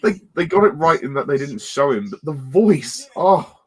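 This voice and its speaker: A man doing casual film commentary, sarcastic and quick to laugh. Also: fairly high pitch, very animated, husky, low-quality recording. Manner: giggly, sarcastic.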